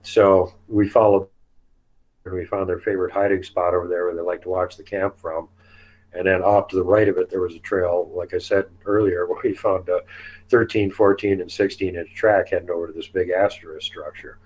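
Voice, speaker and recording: A man telling outdoor encounter stories in a casual interview, chatty and quick to laugh. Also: deep voice, level tone, a little mellow, low-quality recording. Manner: chatty, laughs often, acts out quotes. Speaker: guest telling field encounters.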